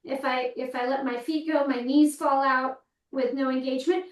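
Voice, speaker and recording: A woman coach calmly talking through foot and ankle exercises step by step as she demonstrates them. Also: sits high, moderate pace. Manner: calm, step-by-step cueing while demonstrating. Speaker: movement coach. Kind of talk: guided exercise instruction. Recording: roomy, mic at a distance.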